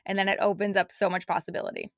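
A woman with a bright, slightly tense voice, recorded close and dry. She talks casually and reflectively, slipping into little quoted asides of what she tells herself. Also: mid-range voice, little pitch movement, racing, no echo. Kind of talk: casual podcast chat.

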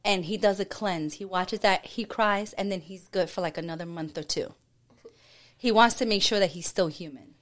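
A woman's voice: medium pitch, normal speed, a bit bright. A woman in casual chat, earnestly telling a story about her partner. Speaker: podcast guest, partner of a host.

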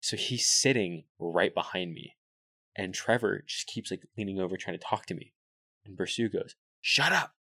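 A young man who co-hosts a podcast tells long, rambling stories in casual chat, saying "like" constantly. His voice is low and sharp, at normal speed, with no room sound.

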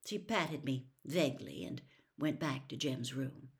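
A woman reading a novel aloud in a slow, measured, hushed storytelling voice. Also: rumbling low, gravelly. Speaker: story reader.

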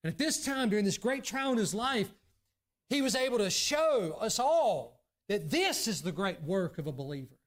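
A Southern US man preaching from the pulpit with a notably high voice. He moves between quiet, low asides and raised, emphatic lines, earnest throughout. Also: very animated, normal speed. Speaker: pastor. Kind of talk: sermon. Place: church sanctuary.

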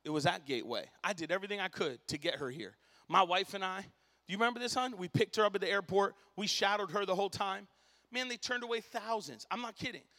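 High, bright-voiced preacher in a reverberant hall. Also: male voice, fast talker. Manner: impassioned, storytelling, rising to shouts; casual slang like dude and bro. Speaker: pastor. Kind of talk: sermon. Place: church sanctuary.

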